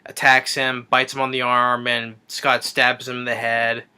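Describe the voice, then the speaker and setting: A man's voice: mid-range voice, monotone, measured pace, bright, forceful tone, clear, resonant tone. A man giving a rambling, sarcastic movie review rant, recapping the plot with frequent restarts.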